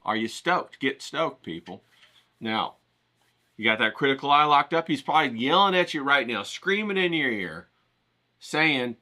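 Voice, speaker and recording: A man's voice: a little high, animated, moderate pace, pushed and bright. A man hosting a casual drawing tutorial, hyped and rambling, coaching viewers and swearing casually as he talks. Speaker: art channel host.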